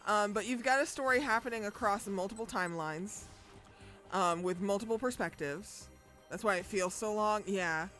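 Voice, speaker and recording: A young adult woman streaming games live, chatting casually with viewers, bubbly and quick to swear and laugh. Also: medium pitch, fairly bright tone, faint music behind. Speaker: game streamer.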